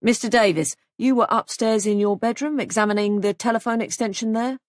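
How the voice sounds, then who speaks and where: A woman's voice: a little high, brisk, dry recording, clean studio sound, pitched above the performer's own voice, natural voice. A woman voicing a stern male police sergeant in an audiobook, speaking in a firm, clipped, probing way. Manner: firm, clipped, pressing questions.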